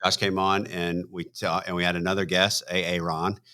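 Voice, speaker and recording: Deep-voiced man chatting on a video call. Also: moderate pace. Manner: relaxed, laughs easily, rambling. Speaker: co-host. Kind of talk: casual chat.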